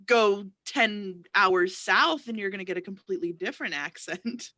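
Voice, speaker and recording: A woman's voice: mid-range voice, moderate pace, sharp tone, no echo. A woman playing tabletop games, chatting animatedly and with self-deprecating laughs. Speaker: tabletop game player. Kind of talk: casual chat.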